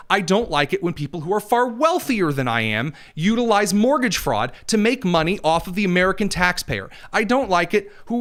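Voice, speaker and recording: A man's voice: sits high, fairly bright tone. A man hosting a political commentary show, talking in a sarcastic, mocking way with exaggerated emphasis.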